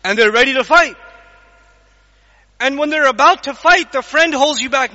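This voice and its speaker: A man giving an animated Quran lecture to a live audience, acting out scenes and quizzing the listeners. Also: extremely high pitch, moderate pace, long pauses, long reverb tail. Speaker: Islamic lecturer. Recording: dull lo-fi lecture recording.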